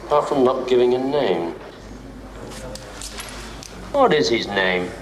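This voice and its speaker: An actor playing a matter-of-fact police sergeant. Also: male voice, mid-range voice, animated, slow pace, echoey room. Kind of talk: television drama acting.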